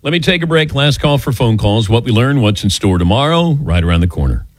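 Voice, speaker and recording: A man's voice: mid-range voice, fairly quick, dry recording. A middle-aged man hosting a call-in radio show, joking and telling stories with his co-hosts. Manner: lively, joking, animated storytelling. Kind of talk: casual call-in radio chat. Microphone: studio microphone.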